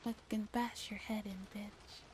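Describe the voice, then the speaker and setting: A woman voicing rough, menacing male biker thugs with a mock British growl and clipped slang, in a whispered role-play. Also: mid-range voice, steady tone, unhurried, slight background noise, lightly acted.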